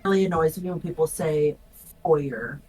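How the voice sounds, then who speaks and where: Woman guest on a podcast, a bit low voiced, blunt and teasing. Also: very animated, brisk. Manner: teasing, blunt, playful reactions. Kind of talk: casual podcast chat.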